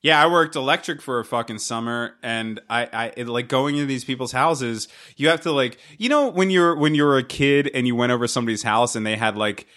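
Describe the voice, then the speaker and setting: A man chatting casually on a podcast, rambling and halting, with casual swearing. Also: medium pitch, a bit bright. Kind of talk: casual chat.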